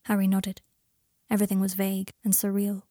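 A woman reading a story aloud, with soft, intimate, measured narration. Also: mid-range voice, monotone, no room sound, studio quality. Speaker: podfic reader. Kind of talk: audiobook narration of fan fiction.

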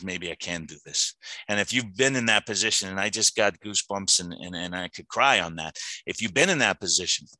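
A man's voice: deep voice, pushed and bright, no echo, low-quality recording. A middle-aged man giving an earnest, emotional personal testimony to a recovery meeting, often repeating words as he restarts his sentences.

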